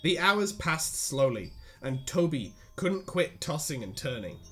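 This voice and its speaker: A man with a slightly high voice reads a story aloud in a casual podcast, slipping in sarcastic jokes and frequent laughs. His tone moves between mock-serious narration and banter. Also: sing-song, unhurried, pushed and bright, faint music behind. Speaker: reader and co-host. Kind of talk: reading a story aloud with joking asides.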